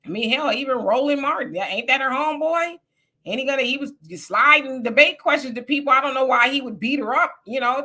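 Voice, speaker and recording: A woman's voice: a little high, bright, forceful tone. A woman from California giving blunt, colloquial political commentary on a casual live stream.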